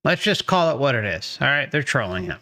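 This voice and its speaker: A man's voice: mid-range voice, very animated, a little fast, bright, forceful tone. A man hosting a commentary video, reacting emphatically to a clip and repeating his points. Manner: emphatic, repeats himself, cheers the speaker on. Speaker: channel host commenting on a clip.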